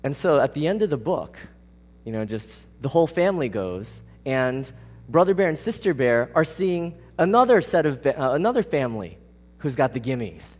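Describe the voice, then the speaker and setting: A man's voice: medium pitch, big pitch swings, moderate pace, a little mellow. A man preaching a conversational sermon. He speaks casually but with emphasis and often puts questions to the congregation. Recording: long reverb of a large hall.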